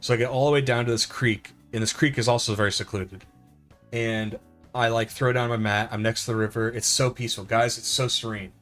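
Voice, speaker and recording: A middle-aged man chatting on a live gameplay stream, his voice at an ordinary mid pitch. He rambles through stories with plenty of fillers and pokes fun at himself. Soft game music plays faintly underneath. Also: steady tone, brisk. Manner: rambling, self-deprecating storytelling with lots of fillers. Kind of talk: casual live-stream chat over gameplay.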